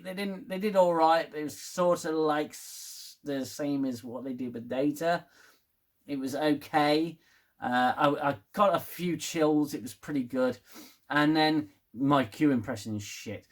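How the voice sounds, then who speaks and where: A man's voice: on the high side, measured pace. A man giving a rambling, casual spoken TV review, swearing and getting worked up as he talks. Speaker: TV review vlogger.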